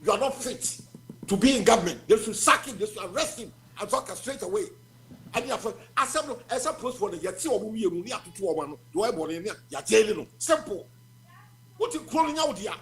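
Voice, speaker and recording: A man's voice: sits high, animated, a little fast, soft background music. A man in his seventies with a Ghanaian accent, calling in to a radio show and emphatically condemning the politicians, switching between Twi and English. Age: 70s. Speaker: caller. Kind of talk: heated political call-in.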